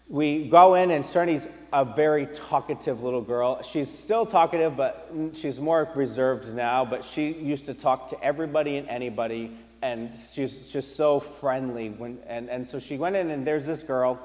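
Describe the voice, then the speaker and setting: A man preaching a sermon as pastor, animated and emphatic, repeating key phrases and restarting sentences as he goes. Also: a little high, long reverb tail. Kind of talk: sermon with storytelling.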